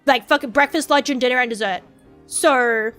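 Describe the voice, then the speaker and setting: A woman with a high voice chats on a live stream, rambling and cursing freely at her own expense. Faint music plays softly behind her. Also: normal speed. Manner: rambling, profane, self-mocking. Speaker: VTuber streamer. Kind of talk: casual stream chat.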